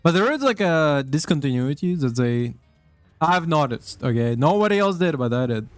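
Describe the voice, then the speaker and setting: A young man rambles casually while playing a game, swearing a lot and filling his commentary with fillers and restarts. His voice is a little high and sing-song at a moderate pace, with no echo and faint game music behind him.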